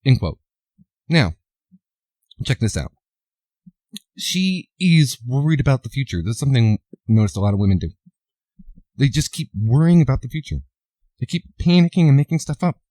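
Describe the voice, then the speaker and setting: A man's voice: medium pitch, sing-song, normal speed, long pauses, dark tone, dry recording. A man doing commentary, reading out an article and mocking it sarcastically, often repeating words. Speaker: commentary vlogger.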